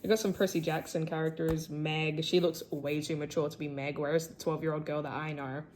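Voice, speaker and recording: Her voice low-pitched, level, and a little mellow, a teenage girl from Australia speaks fairly quickly about her sketchbook amid slight background noise. She's casual and self-deprecating, says "like" and "um" constantly, and squeals happily over her favourite characters.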